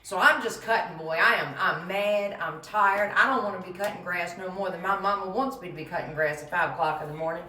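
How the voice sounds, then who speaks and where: A woman's voice: on the low side, a little fast, few pauses, bright, forceful tone, slight background noise. A middle-aged woman, telling a story from her youth in a folksy, emphatic way. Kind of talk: casual storytelling to camera. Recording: roomy, voice from a distance.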